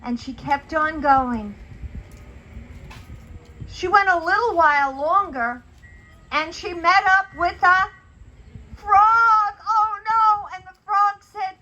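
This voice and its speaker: A woman's voice: very high-pitched, slow pace, pauses often, sharp tone, dull audio. A woman telling a children's story, asking her young listeners questions as she goes.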